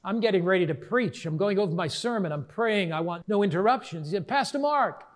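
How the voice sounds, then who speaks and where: Earnest higher-voiced male preacher. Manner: earnest storytelling, slows for emphasis. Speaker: pastor. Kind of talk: sermon.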